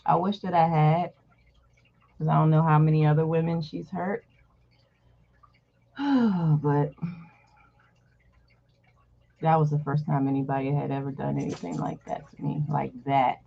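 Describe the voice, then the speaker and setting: A woman's voice: low-pitched, fairly even intonation, measured pace, creaky, long pauses, a little hiss or hum. A woman host casually telling a personal story to her viewers, candid and blunt, swearing freely. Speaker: channel host. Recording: dull lo-fi recording.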